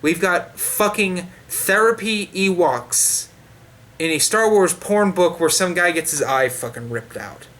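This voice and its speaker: A man's voice: sits high, expressive, a little slow, a bit bright. A man giving a sarcastic, profanity-heavy book review in a loose, rambling way, full of fillers and restarts. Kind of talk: ranting casual review.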